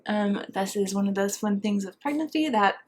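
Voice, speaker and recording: A woman's voice: mid-range voice, animated, brisk, a little hiss or hum. Chatty woman, out of breath. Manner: chatty, bubbly, filler-heavy. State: pregnant and out of breath. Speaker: beauty vlogger. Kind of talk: casual makeup tutorial chat.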